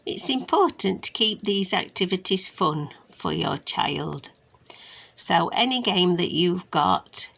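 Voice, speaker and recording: A woman speech and language therapist from England, teaching parents sound awareness games in a slow, careful way and stretching out words to model them. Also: on the low side, gravelly, fairly bright tone. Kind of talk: instructional demonstration for parents.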